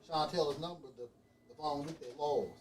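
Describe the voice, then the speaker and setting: A man's voice: fairly high pitch, fast talker, a little hiss or hum. A man talking football in a rambling, hesitant way full of ums, in a casual chat.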